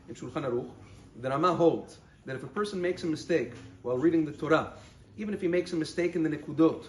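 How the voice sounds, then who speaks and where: Male rabbi, fairly high voice, explanatory teaching manner, roomy echo. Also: a little mellow. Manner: explanatory, stresses words slowly when quoting verses. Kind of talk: halacha lesson.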